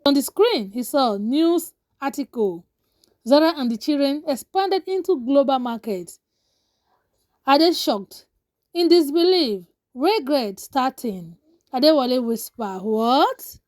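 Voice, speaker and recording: A woman's voice: high voice, expressive, unhurried, a little mellow, no echo, studio quality. A woman narrating a scripted drama story in short, dramatic declarative lines.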